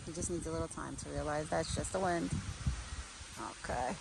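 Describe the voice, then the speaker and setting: A woman chatting casually to camera outdoors while feeding a pet deer, cooing to it in soft baby talk. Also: deep voice, steady tone, normal speed, gravelly. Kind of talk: casual outdoor vlog chat. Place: outdoors in a windy yard. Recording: faint wind and outdoor noise.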